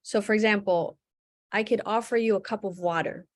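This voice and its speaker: A woman speaking as a panelist in a webcast conversation, thoughtful and measured, often posing questions. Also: mid-range voice, steady tone, dry recording, studio quality. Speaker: guest panelist.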